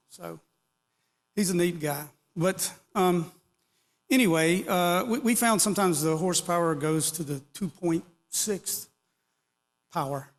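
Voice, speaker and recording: A middle-aged or older man giving a casual, rambling technical talk to an audience, with joking asides. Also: fairly high pitch. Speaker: conference speaker. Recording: long hall reverb.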